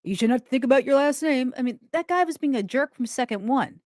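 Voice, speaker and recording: A woman's voice: high voice, expressive, fast, a little mellow, no room sound, studio quality. A woman hosting a true crime commentary, talking it through in a casual, indignant way. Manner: indignant, conversational, talks things through aloud.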